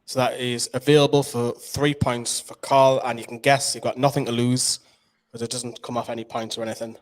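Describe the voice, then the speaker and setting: A man's voice: medium pitch, little pitch movement, brisk. Chatty Geordie man hosting a quiz. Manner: chatty, explaining rules at length. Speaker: quiz host. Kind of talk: casual live-stream quiz hosting.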